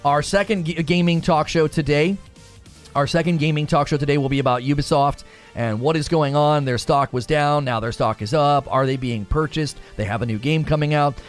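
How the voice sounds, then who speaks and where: Male streamer, fairly high voice, combative and animated, faint background music. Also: moderate pace. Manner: argumentative, animated, answers chat directly. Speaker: gaming streamer, talk show host. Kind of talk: live-stream chat talk.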